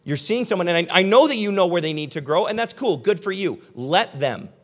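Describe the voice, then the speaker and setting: With a high, expressive voice at a fairly quick clip, a young pastor delivers a sermon to a live audience in a church hall. He talks directly to his listeners, conversational in style but emphatic.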